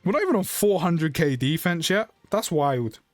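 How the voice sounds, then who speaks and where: A young British man giving chatty, excitable gameplay commentary for his channel, often rambling and correcting himself. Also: on the high side, normal speed, no room sound, soft background music. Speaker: mobile game YouTuber.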